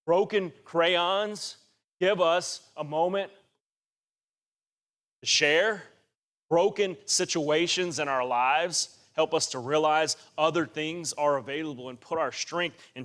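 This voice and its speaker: A man's voice: on the high side, fairly bright tone. A man preaching a sermon, earnest and rising to emphatic exhortation.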